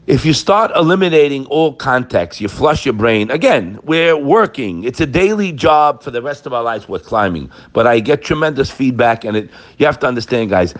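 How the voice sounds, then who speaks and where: A man delivers a daily Torah lesson in an emphatic, animated way. His pitch sits a little high and swings widely as he drives his points home. He mixes Hebrew verses into plain English speech. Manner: animated, emphatic, addresses listeners as "guys". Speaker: Torah teacher. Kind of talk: daily Torah talk to a group.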